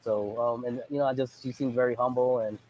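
A man's voice: medium pitch, fairly even intonation, fairly quick, a little mellow, slight background noise, rough recording. A man in his forties from the United States answering interview questions hesitantly, with many fillers. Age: 40s. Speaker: interview guest.

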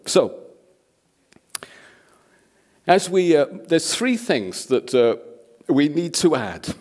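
A man preaching a sermon as a guest speaker, an animated storyteller who acts out the people in his stories. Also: a little high, slow pace, few pauses.

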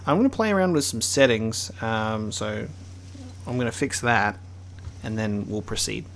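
A man's voice: on the low side, normal speed, slight background noise. A man casually commenting on a game he is playing, chatty and swearing often. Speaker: gaming streamer. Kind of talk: casual let's-play commentary.

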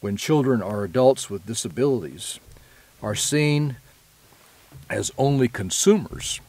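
A man delivering a prepared lecture in an earnest, measured way, now and then correcting himself mid-phrase. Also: medium pitch, animated, darkish tone, slightly rough, no echo. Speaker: presenter.

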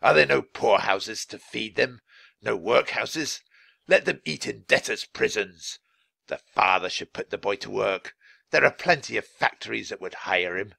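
A man voicing a stingy, sneering male innkeeper with a shrill, whining voice, for a storybook reading. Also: measured pace, gravelly, pushed and bright, husky, no echo, exaggerated voice. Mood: scornful.

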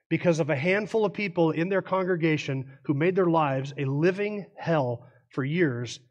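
A man preaches an expository sermon in a fairly high voice. He is earnest and careful, explaining words and correcting himself as he goes. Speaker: pastor.

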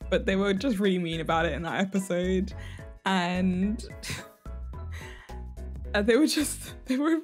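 A woman's voice: fairly high pitch, darkish tone. A woman vlogger chatting casually, giggling often as she talks. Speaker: fashion vlogger. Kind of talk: casual chat.

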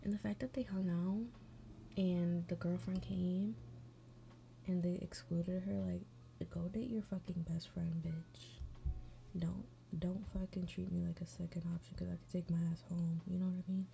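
A woman's voice: on the low side, steady tone, moderate pace, creaky, warm tone, slight background noise. A woman hosting an advice show, chatting casually and bluntly with lots of swearing while doing her makeup and reading stories, sometimes mumbling under her breath. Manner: blunt, profane running commentary.

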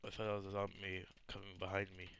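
A man giving excitable let's play commentary on his gameplay. He swears and yells at the zombies as he plays. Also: sits low, fast, creaky, a little hiss or hum.

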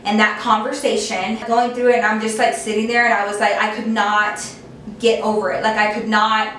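A young woman casually telling a storytime, chatty and animated, with lots of "like" fillers. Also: medium pitch, normal speed, a little hiss or hum. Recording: echoey room, voice a bit distant from mic.

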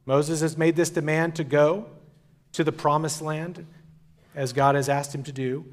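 Higher-voiced man preaching in a reverberant hall. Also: little pitch movement, a little slow. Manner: casual, conversational storytelling. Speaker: conference speaker. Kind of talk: sermon.

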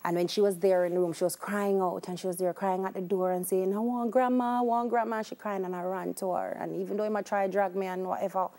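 Animated Jamaican woman with gravelly edge. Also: lowish voice, fast talker, hardly any pauses. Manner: animated, acts out quoted voices, slips into patois. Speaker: guest. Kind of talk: emotional personal storytelling.

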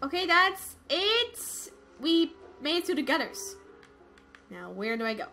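Excitable young woman narrating her gameplay. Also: sits high, a little slow, soft background music. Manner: excitable, frightened squeals and laughs. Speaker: let's play gamer. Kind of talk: casual gameplay commentary.

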